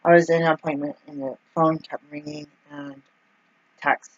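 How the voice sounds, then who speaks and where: A woman's voice: deep voice, flat delivery, moderate pace, lo-fi sound. A woman telling a casual, rambling story full of filler words and acting out the lines of the people in it. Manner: acts out quoted dialogue. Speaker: vlogger.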